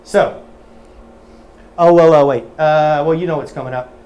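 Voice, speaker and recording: A man's voice: a little high, fairly even intonation, normal speed, darkish tone, dull audio. A man teaching a technical webinar in a casual, folksy way with many fillers. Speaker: metering trainer. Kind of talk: webinar teaching and joke-telling.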